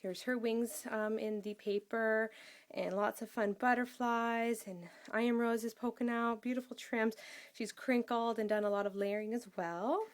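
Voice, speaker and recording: A woman chatting casually as she shows a handmade scrapbook album, gushing with praise and pausing often with ums. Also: fairly high pitch, fairly even intonation. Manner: enthusiastic, gushing, with many ums. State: out of breath. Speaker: craft vlogger.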